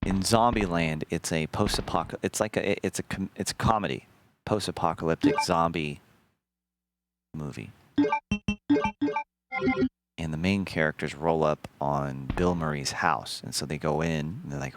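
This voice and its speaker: A man streaming a video game, chatting casually and telling a rambling, profane story in an animated way. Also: a bass voice, unhurried, long pauses. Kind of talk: casual gameplay commentary.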